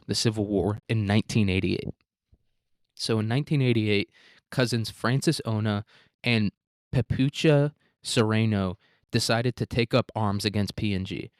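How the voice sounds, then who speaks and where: Laid-back low-voiced man riffing on history. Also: dry recording, clean studio sound. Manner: irreverent and profane, acting out quoted characters. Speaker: podcast host. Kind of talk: casual history commentary.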